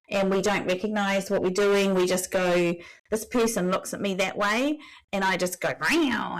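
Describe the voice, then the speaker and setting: A woman's voice: on the low side, rough recording. A woman leadership coach answering podcast questions in an earnest, explanatory way, repeating key phrases and speaking frankly. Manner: blunt, frank wording.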